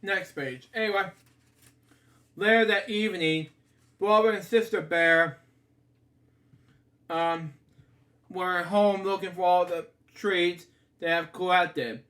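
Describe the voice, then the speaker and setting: A man's voice: sits high, fairly even intonation, slow, long pauses, fairly bright tone. A man casually reading a children's picture book aloud, often stumbling, stopping to comment and apologizing to his listeners. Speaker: storybook reader.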